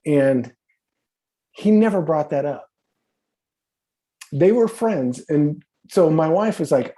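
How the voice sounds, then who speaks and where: A man's voice: a little high, expressive, slow, pauses often, mellow. A man in his fifties, a podcast guest telling stories in a rambling, profane way, full of fillers and restarts. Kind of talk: casual conversational storytelling.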